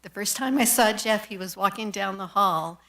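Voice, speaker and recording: A woman giving fond, gentle remarks about a colleague in a county meeting chamber. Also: medium pitch, normal speed. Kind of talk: brief public remarks.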